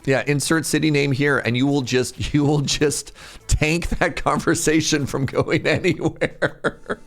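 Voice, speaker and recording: A man from Canada, streamer in casual live-stream chat, telling an animated story and laughing often. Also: on the high side, takes it slowly.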